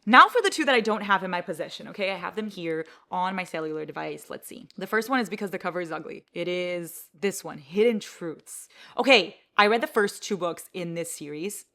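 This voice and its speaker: A woman vlogs about books in loose, chatty talk. Her voice sits a little low yet rings bright and forceful. She rambles, gasps with excitement and swears casually. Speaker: book vlogger. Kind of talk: casual vlog chat.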